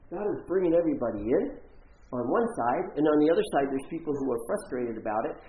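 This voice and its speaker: A man's voice: a little high, animated, fast, mellow. A man preaching a sermon as a pastor, telling a story and acting out the voices of the people in it. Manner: storytelling with acted-out quotes. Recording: roomy, slightly dull church recording.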